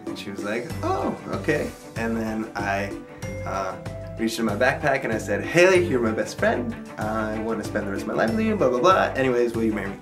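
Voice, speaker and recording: A young man telling a personal story to camera in a chatty, earnest and excited way. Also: lowish voice, brisk. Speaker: vlogger. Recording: background music under voice.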